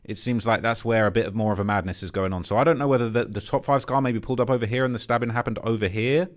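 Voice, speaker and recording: A man's voice: mid-range voice, fast talker. A man hosting, walking viewers through video footage in a conspiratorial, hinting commentary style. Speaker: host. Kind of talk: casual commentary.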